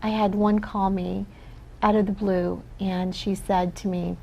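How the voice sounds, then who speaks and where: A woman from the Philippines speaks as an interview guest, earnest and reflective, often checking in with "right?". Her voice is dark and gravelly. A faint hiss of noise sits behind her. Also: mid-range voice, steady tone, normal speed, rough recording. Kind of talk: casual interview talk.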